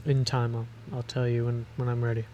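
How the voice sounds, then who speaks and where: A man's voice: mid-range voice, flat delivery, dull audio, natural voice. A man playing a big, guarded young warrior. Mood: guarded, hushed. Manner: quiet and guarded, halting. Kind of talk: in-character tabletop role-play.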